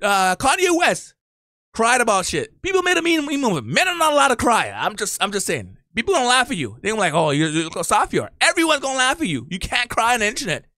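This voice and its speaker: A man's voice: very high-pitched, huge pitch swings, fast, bright, forceful tone, dry recording. A man hosting a reaction channel, giving blunt, opinionated commentary in a casual rant.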